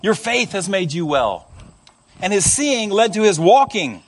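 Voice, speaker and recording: A male pastor preaching a sermon, telling stories with lively, conversational energy. His voice sits high and moves across a wide range. He often turns questions to his listeners. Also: unhurried. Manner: animated storytelling, conversational.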